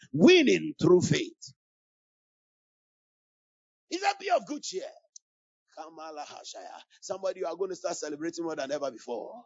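A man's voice: high-pitched, vocal fry, slightly rough, no room sound. A man preaching a sermon with fervent call-and-response, repeating his key phrases. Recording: dull lo-fi sound.

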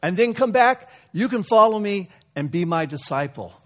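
A man voicing a wise old male philosopher who speaks calmly and quietly. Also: high voice, normal speed, voice pushed up. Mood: instructing.

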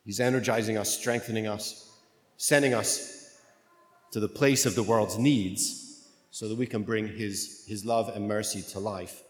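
A man's voice: on the low side, fairly even intonation, measured pace. A man preaching a sermon in a conversational way, often checking in with his listeners with "right?" and "okay?". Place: church. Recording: echoey church with long reverb.

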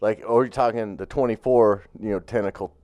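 A man's voice: lowish voice, fairly even intonation, fairly quick, a little mellow. A man co-hosting a sports chat show, talking in a rambling, profane way with lots of fillers and restarts.

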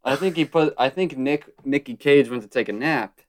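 A man's voice: medium pitch, normal speed, a little hiss or hum. A young man co-hosting a comedy podcast who tells stories and acts out the people in them. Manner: storytelling, animated, acts out quoted lines loudly. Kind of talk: casual comedic chat.

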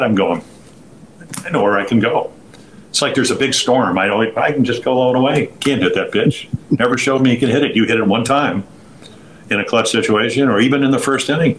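A man's voice: lowish voice, a bit bright, a little hiss or hum, low-quality recording. Older man telling rambling baseball stories. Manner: rambling anecdotes with frequent restarts and quoted voices. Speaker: guest, former pitcher and broadcaster. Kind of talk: storytelling interview.

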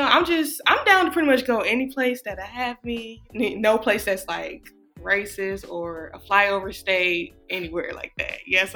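A woman's voice: medium pitch, sharp tone. A woman, chatting casually as a podcast co-host, rambling and laughing often. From Atlanta, USA. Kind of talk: casual chat.

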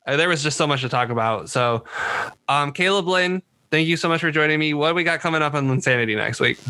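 A man's voice: fairly high pitch, quick pace, bright, forceful tone, slight background noise. A man hosting a casual podcast, easygoing as he wraps up and hands off to each guest. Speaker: podcast host.

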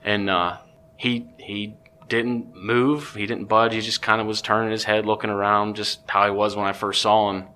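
A man, a podcast guest, telling a story in a casual, excitable way with many restarts. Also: lowish voice, moderate pace.

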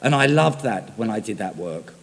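Lively preacher in echoing hall. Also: male voice, fairly low pitch, moderate pace, vocal fry, slightly rough. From Britain. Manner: animated, conversational preaching with direct questions to the congregation. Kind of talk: sermon. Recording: reverberant hall.

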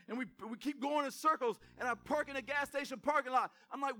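Male pastor, very high and bright voice, fired-up sermon delivery, calls out to the congregation. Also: fairly even intonation, quick pace, hardly any pauses. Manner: fired-up, addresses congregation directly, emphatic repetition. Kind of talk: energetic sermon. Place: church sanctuary.

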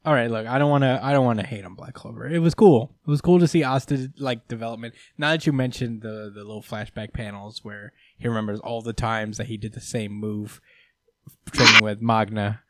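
A man's voice: mid-range voice, fairly quick, a bit bright, dry recording. A man co-hosting a podcast, talking through comic books in a casual, laid-back way with some swearing. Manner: laid-back, loosely profane. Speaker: podcast co-host. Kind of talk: casual comic book discussion.

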